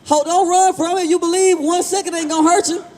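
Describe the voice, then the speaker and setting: A man with a very high voice preaches on a street outdoors, blunt and slangy. His tone is dark and mellow despite the pitch. He fires questions at people walking by and repeats his points. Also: fairly even intonation, brisk.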